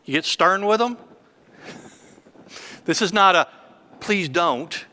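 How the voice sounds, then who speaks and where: A man's voice: high voice, animated, takes it slowly, pushed and bright. A man in his fifties, a church elder preaching a sermon with emphatic, repetitive phrasing.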